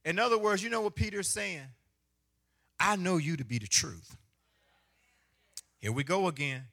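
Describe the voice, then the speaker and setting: A man preaching a sermon as pastor, swinging from hushed phrases to loud, half-sung lines. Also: high voice, animated, normal speed, creaky.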